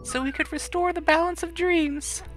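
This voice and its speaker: A woman's voice: very high voice, fairly even intonation, normal speed, soft background music, pitched above the performer's own voice, poor audio. A woman voicing a small, loyal male dream spirit as she reads game dialogue aloud. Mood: insistent.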